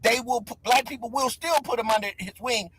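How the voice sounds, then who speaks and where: A man's voice: extremely high pitch, fairly quick, a bit bright, slightly rough, no echo, rough recording. A man hosting a casual livestream chat, talking loosely and hyping up his viewers. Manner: loose, conversational, hypes the chat. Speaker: livestream host.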